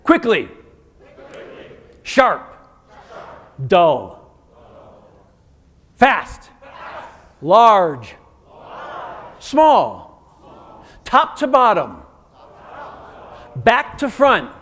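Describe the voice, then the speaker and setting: High-voiced energetic male keynote coach. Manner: energetic, prompting the audience with quick commands. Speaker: keynote speaker and communication coach. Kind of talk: interactive keynote talk. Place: conference stage in a large hotel venue.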